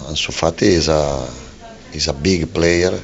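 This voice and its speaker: Slow gravelly-voiced man, halting. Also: very deep voice. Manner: halting, many fillers and restarts. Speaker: football manager. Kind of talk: post-match radio interview. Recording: lo-fi radio broadcast.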